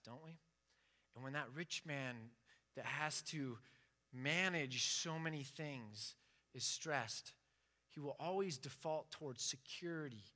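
A man's voice: on the high side, bright, forceful tone. A man giving an informal sermon with passion, acting out the prayers he quotes. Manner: impassioned, acts out quoted prayers. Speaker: preacher.

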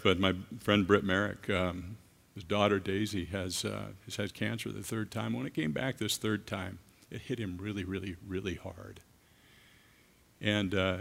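A man preaching a sermon as a guest speaker, earnest and halting, with frequent restarts. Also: on the low side, gravelly, a bit bright. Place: church. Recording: long reverb of a large hall.

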